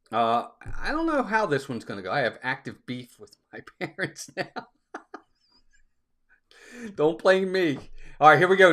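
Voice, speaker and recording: Upbeat, lively male live stream host. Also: high voice. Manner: upbeat, laughs often, greets viewers by name. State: out of breath. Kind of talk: casual live stream chat.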